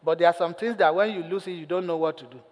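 Delivering a sermon, a pastor with a high voice speaks fast, acting out lines vividly in his story and questioning the congregation. The sound carries the feel of a big room.

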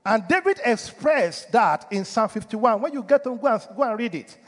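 A man's voice: very high-pitched, animated, normal speed, long reverb tail. A male pastor delivering a sermon, preaching emphatically and putting rhetorical questions to the congregation. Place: church.

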